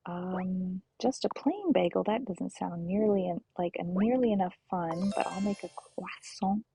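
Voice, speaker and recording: Streamer, woman: husky, gravelly, unhurried half-whispered game chat, faint music under it. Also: on the low side. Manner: slow, soft-spoken, often half-whispered. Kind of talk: relaxed gameplay commentary.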